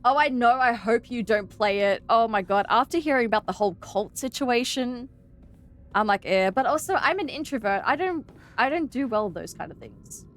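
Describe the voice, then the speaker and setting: Chatty Australian woman, slightly high voice. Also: lively intonation, normal speed. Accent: Australian, with slightly American-sounding R's. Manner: chatty and rambling, many "like"s. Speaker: VTuber streamer. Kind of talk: casual gameplay chat.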